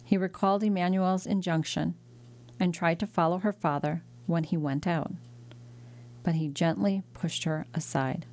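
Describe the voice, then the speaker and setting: A woman narrating a classic novel as an audiobook, in a measured, steady reading. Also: fairly low pitch. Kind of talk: scripted narration.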